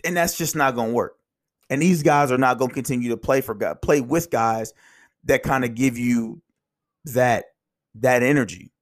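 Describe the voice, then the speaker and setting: A man hosting a casual sports talk show, talking in animated, rambling rants. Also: mid-range voice, moderate pace. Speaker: podcast host.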